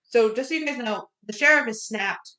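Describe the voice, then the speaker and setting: A woman's voice: a little high, moderate pace, bright, forceful tone, roomy sound, far from the mic. A woman co-hosting a casual movie review podcast, recapping the plot in a chatty way with plenty of fillers. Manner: chatty retelling with fillers, laughs at the effects. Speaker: podcast co-host.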